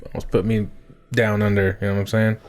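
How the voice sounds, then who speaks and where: A man, a podcast co-host in his thirties, telling a story in casual chat, swearing a lot and getting loud as it builds. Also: lowish voice, quick pace. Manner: animated storyteller, swears often, rising to shouts.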